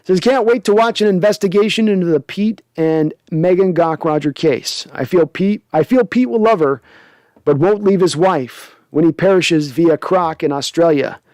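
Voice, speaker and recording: Chatty higher-voiced male livestream host. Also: moderate pace, no room sound. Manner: animated, jokey, reads chat aloud. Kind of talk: casual livestream chat reading viewer comments.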